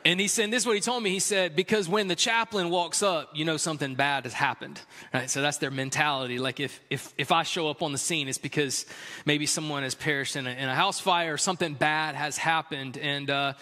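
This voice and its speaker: A man's voice: fairly high pitch, steady tone, brisk, bright, forceful tone. A man preaching as a pastor and chaplain, telling a story candidly in a conversational way with many fillers. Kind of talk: sermon. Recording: long hall reverb.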